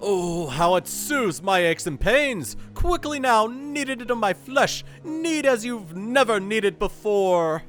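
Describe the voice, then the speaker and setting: A man voicing a pompous, theatrical gentleman inspector in a game, with grandiose, over-the-top dramatic delivery. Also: high voice, sing-song, takes it slowly, hardly any pauses, soft background music, pitched above the performer's own voice, full character voice. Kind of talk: fan voice-over of game dialogue.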